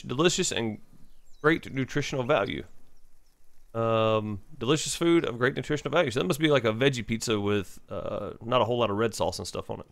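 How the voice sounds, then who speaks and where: A man's voice: medium pitch, gravelly, no room sound. A man hosting a gaming channel, giving casual let's-play commentary and thinking aloud with many fillers.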